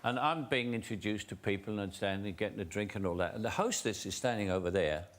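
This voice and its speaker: A man's voice: fairly low pitch, fast. An older man, a talk show guest telling funny stories with dry punchlines and easy chuckles. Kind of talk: anecdotal storytelling. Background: audience laughter.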